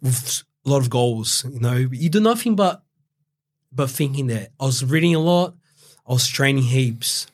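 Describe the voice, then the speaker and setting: A man's voice: mid-range voice, animated, moderate pace. Swearing Australian man telling his story. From Brazil, raised in Australia. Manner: rambling, heavy swearing and fillers, quotes himself. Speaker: guest. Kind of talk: casual interview storytelling.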